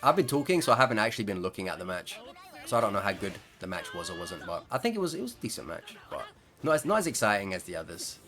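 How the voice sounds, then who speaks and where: A man's voice: on the low side, sing-song, fast talker, a bit bright. A man telling a casual, chuckling anecdote over gameplay, full of fillers and asides. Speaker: gaming video creator. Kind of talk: storytelling over gameplay commentary.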